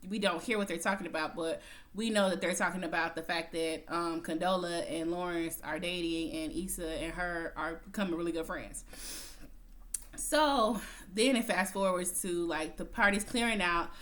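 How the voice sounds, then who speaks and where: A woman's voice: lowish voice, normal speed, fairly bright tone. A woman casually recapping a TV episode in a chatty, slangy way, often laughing as she tells it. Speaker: TV recap vlogger.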